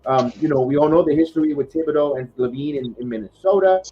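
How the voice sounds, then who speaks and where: A man's voice: fairly high pitch, fast, slight background noise. A man hosting a casual sports podcast, talking in a rambling way with lots of fillers and restarts. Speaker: podcast host. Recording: dull lo-fi podcast audio.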